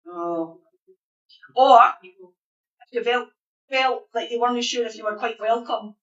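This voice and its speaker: Scottish woman minister, higher voice, relaxed chatty sermon, echoey hall with a dull sound. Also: measured pace. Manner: chatty, asks the congregation questions. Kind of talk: informal sermon to a congregation. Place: church hall.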